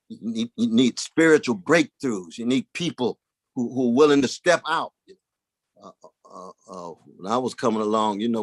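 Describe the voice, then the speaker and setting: A man giving an impassioned public talk, preacherly and rhythmic, mixing dramatic swells with folksy conversational asides. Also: no echo. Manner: preacherly, rhythmic, with dramatic swings in pitch and volume. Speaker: guest speaker.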